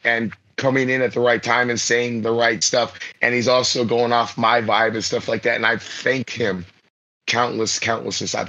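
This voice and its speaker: A man's voice: fairly low pitch, bright, forceful tone, highs cut off. A man chatting casually on a podcast about his stream, rambling and repeating himself, laughing easily. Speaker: streamer guest.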